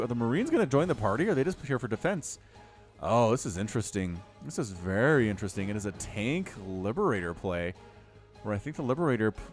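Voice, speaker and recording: A young man casting a strategy game, chatty and animated, jumping up sharply when the action heats up. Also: mid-range voice. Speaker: game caster. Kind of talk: game commentary.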